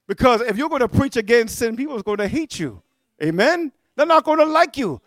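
High-voiced fiery male preacher. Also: very animated, a little fast, a bit bright, dry recording. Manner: fiery, calls out "amen?" to listeners; mocks others in sing-song put-on voices. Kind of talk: sermon.

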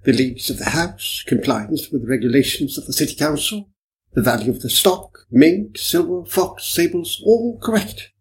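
Guy reading as a fussy prim insurance man, bit higher voice, lively ups and downs, keeps saying he accuses nobody. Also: normal speed, close to an everyday voice, rough recording. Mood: insistent. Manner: insistent, prim, protesting innocence. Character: cautious fussy English insurance man, middle-aged.

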